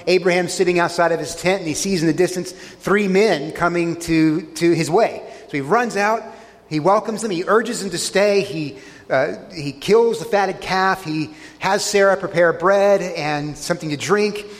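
A pastor delivering a sermon, his voice sitting a little high for a man. He retells scripture scenes earnestly and leans hard on key words. A long reverb trails each phrase, as in a large hall. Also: normal speed.

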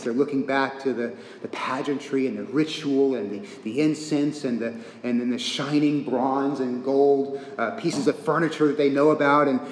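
A man preaching an expository sermon with earnest emphasis, moving between quiet stress and rising intensity. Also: medium pitch, slight background noise. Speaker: pastor. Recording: echoey hall, reverberant.

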